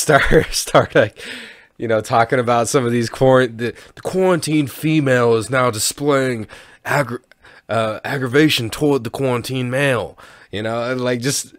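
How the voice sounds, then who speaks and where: A man's voice: medium pitch, moderate pace, no room sound. A man co-hosting a podcast in a casual chat, rambling and laughing often with frequent restarts, recorded in a studio. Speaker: podcast co-host.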